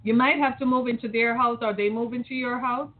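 A woman's voice: fairly high pitch, steady tone, brisk. A middle-aged woman host from the Detroit area, giving an impassioned opinion monologue full of rhetorical questions. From Metro Detroit, Michigan. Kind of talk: opinion talk show monologue. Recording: tinny phone-like audio.

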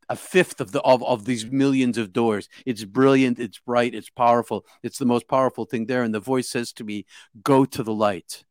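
A man recounting his near-death experience as an interview guest, halting with many restarts and repeated words. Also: mid-range voice, a little mellow, dry recording, studio quality. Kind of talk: emotional first-person storytelling.

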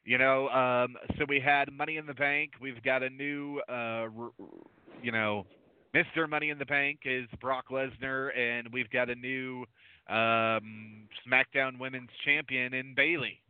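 A man's voice: mid-range voice, steady tone, a little slow, smooth, dry recording. Easygoing male host over a tinny line. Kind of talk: casual chat. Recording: tinny phone-like line, dry.

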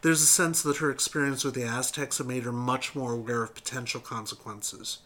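Man, casual podcast chat, bright tone, jokey, laughs a lot. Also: mid-range voice, fairly even intonation, a little fast. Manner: chatty, joking, laughs often. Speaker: podcast co-host. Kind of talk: casual discussion of a book and show.

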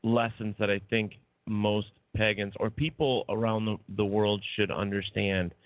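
A man's voice: fairly low pitch, steady tone, unhurried, no room sound, narrow, tinny audio. A man co-hosting a casual talk show, joking and teasing as he reads chat comments. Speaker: co-host.

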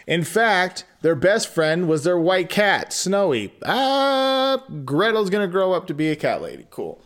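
Man, storyteller, comic fairy-tale reading, crude digressions, slightly raised pitch. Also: sing-song, unhurried, a bit bright. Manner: profane, rambling digressions.

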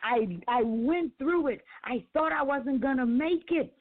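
A woman's voice: sits high, unhurried, slight background noise. A woman preaching a sermon, building emphatic repeated refrains. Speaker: preacher and author. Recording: phone-line sound with faint music.

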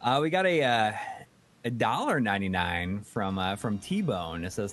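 A man's voice: on the low side, expressive, moderate pace, fairly bright tone, slight background noise. A man co-hosting a casual chat show, reading out donations, rambling with many fillers and restarts. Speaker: podcast co-host reading donations.

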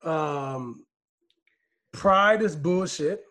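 Blunt, animated man on a podcast. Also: fairly high pitch, drawn-out words. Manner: blunt, repeats himself for emphasis. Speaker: podcast co-host. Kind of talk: casual chat.

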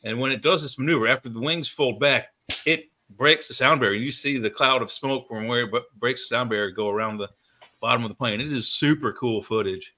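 A man co-hosting a casual news chat, animated, enthusiastic and quick to argue. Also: mid-range voice. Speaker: show co-host.

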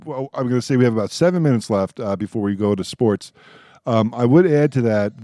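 A man hosting a talk show, asking questions in a halting, stammering way. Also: lowish voice, mellow, dry recording, studio quality. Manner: halting, stammering, laughs between thoughts. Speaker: radio host. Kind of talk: casual political talk.

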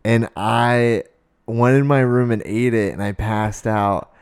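A young man in a casual chat, telling a story in a slow, relaxed, profane way. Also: mid-range voice, clean tone.

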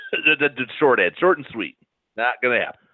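A man's voice: medium pitch, big pitch swings, normal speed, no room sound. A man from central Wisconsin co-hosting a podcast, chatting casually with dry, wry jokes. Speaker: podcast co-host. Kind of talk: casual chat. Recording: tinny phone-like sound, dry.

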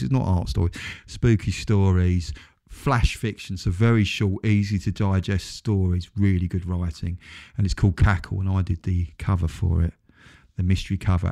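A man co-hosts a podcast in loose, casual chat. His voice sits fairly low and sounds dark and mellow. He rambles and often corrects himself mid-sentence. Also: vocal fry. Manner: rambling, self-correcting, chatty. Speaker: podcast co-host.

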